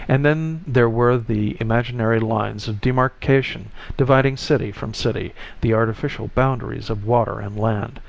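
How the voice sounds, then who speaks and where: A man reading an audiobook aloud in a measured, scripted narration. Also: medium pitch, creaky. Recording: dull lo-fi recording.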